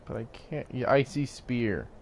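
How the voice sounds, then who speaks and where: A man's voice: medium pitch, animated, moderate pace, a little hiss or hum. A man giving rambling, casual commentary while playing a video game, laughing often and swearing now and then. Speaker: gaming YouTuber.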